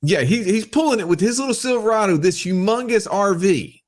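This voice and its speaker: A man telling a wild story as a podcast guest, excitable and quick to laugh, quoting people as he goes. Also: high-pitched. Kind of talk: animated storytelling.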